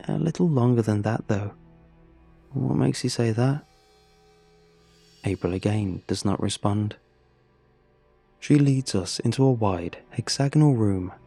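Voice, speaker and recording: A man narrating a first-person horror story in a measured, scripted storytelling manner. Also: lowish voice, mellow.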